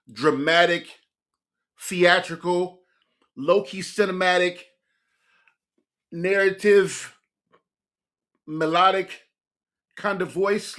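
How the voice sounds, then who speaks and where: A young man hosting a music reaction, chatting casually in an excitable, rambling way full of "like". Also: high voice. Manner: excitable, rambling, fills speech with "like".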